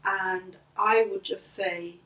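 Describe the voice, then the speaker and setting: A middle-aged woman, the host's mother, talking gently and earnestly in a casual family conversation. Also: mid-range voice, fairly even intonation, slow, far from the mic. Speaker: mother of the host. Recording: echoey room, voice a bit off-mic.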